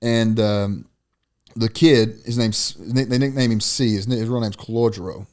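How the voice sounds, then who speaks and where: A young man co-hosting a podcast, chatting about sports in a loose, profane, animated way and telling stories. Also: on the low side, moderate pace. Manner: profane, animated storytelling, often says "dude". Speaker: podcast co-host. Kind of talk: casual sports chat.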